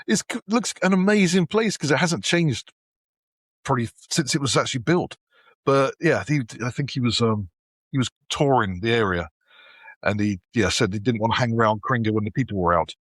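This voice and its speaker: A man's voice: medium pitch, a little fast, no echo, clean studio sound. A British man co-hosting a podcast, telling rambling anecdotes that stop and restart. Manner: rambling, self-interrupting anecdotes. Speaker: podcast co-host. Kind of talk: casual podcast chat.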